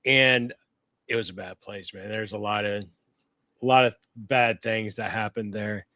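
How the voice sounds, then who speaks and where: A man's voice: fairly low pitch, steady tone, measured pace, sharp tone, no echo. A man with a Midwestern American accent, co-hosting a paranormal podcast, chatting in an easygoing, joking way. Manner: easygoing, joking, chimes in with short replies. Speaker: paranormal investigator and podcast co-host. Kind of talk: casual chat.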